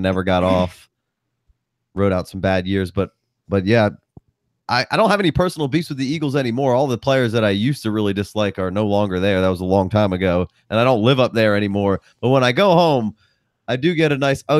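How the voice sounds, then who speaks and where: Low-voiced man in casual sports chat. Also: fast, dry recording, studio quality. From outside Philadelphia, US. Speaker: podcast co-host.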